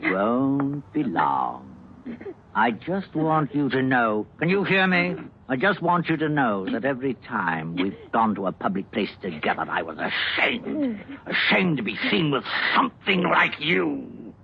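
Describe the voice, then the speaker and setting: A man's voice: medium pitch, huge pitch swings, measured pace, creaky, slight background noise, full character voice. An actor playing an older man, a jilted suitor who pleads and then turns coldly cruel in an old radio drama. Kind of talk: 1940s radio acting. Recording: dull old radio recording.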